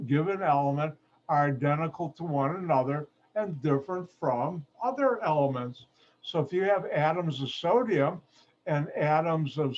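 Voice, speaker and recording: A man's voice: fairly high pitch, a little hiss or hum. A man teaching a chemistry class over a video call, with a playful, jokey manner and frequent asides. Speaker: chemistry instructor. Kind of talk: online lecture. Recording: muffled video call audio.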